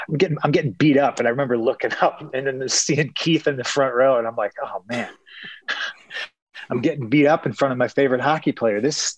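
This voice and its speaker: Earnest rambling man, low and dry. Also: fairly bright tone, dry recording, muffled recording. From Chicago. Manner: earnest, rambling, with many restarts. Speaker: former fighter and MMA broadcaster. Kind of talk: reflective interview answers.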